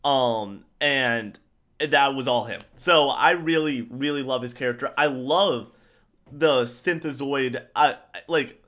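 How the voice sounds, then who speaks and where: Male podcast co-host, casual excitable rambler, mid pitch. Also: slow pace. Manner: excited, rambling, repeats himself. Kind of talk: casual pop-culture chat.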